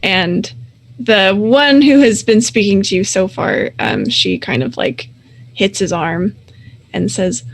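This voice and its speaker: A woman narrating a tabletop game as game master, slowly and with many fillers. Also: medium pitch, expressive, vocal fry. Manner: slow, unhurried narration with fillers.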